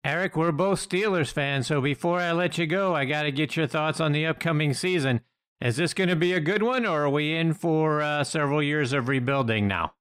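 A man's voice: on the high side, brisk, a bit bright, smooth. A man from Pennsylvania hosting a golf talk show, thanking a guest and asking questions. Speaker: podcast host.

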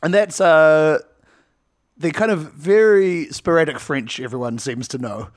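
Animated, laughing man chatting films. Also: fairly high pitch, measured pace. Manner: animated, laughs often, acts out quotes. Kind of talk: casual comedic film chat.

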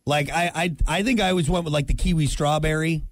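A man's voice: on the high side, fairly even intonation, fast talker, no echo. A man co-hosting a morning radio show, bantering casually with joking sarcasm from a studio. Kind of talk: casual chat.

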